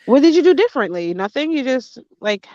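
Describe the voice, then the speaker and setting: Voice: sits high, sing-song, a little fast, a little mellow, dry recording. Giggly, teasing guest on a muffled call. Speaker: live stream guest. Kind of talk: casual live stream chat.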